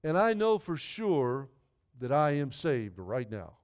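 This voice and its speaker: A man's voice: medium pitch, big pitch swings, slow pace, clear, resonant tone. A man preaching a sermon in an earnest, conversational way, often repeating himself. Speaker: pastor.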